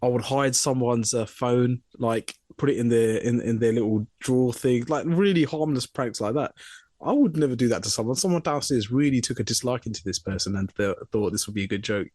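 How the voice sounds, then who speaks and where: A young male podcast co-host with a medium-pitched voice talks a little fast in a studio recording free of room sound. He animatedly tells a funny story from work, mimicking the voices of the people he quotes.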